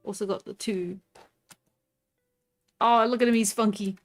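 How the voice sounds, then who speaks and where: A woman's voice: medium pitch, fairly even intonation, measured pace. A woman chatting casually with her stream audience while she draws, giggling often and reacting to chat. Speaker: live-streaming artist. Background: faint background music.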